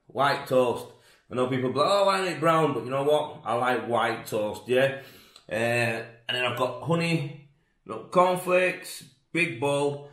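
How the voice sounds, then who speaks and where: A man's voice: on the low side, fairly bright tone. A man, a plasterer chatting casually and rambling through his day for a vlog. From England. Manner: chatty, rambling, plain-spoken. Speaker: plasterer vlogging his workday. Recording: echoey room sound.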